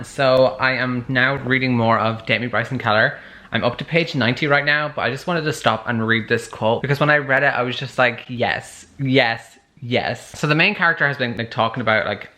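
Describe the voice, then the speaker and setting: A young man talking casually in a book vlog from his reading nook, chatty and excitable, full of "like". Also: mid-range voice, brisk. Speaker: book vlogger.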